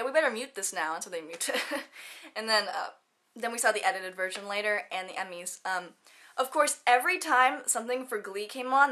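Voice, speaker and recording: A woman's voice: fairly high pitch, sharp tone. A teenage girl chatting casually in a vlog, bubbly and giggly, with lots of fillers and quoted asides. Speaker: student vlogger.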